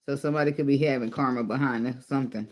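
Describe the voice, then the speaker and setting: A man's voice: medium pitch, steady tone, racing, slight background noise. A man giving a casual spoken tarot reading, blunt and profane, teasing and laughing often as he goes. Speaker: tarot reader.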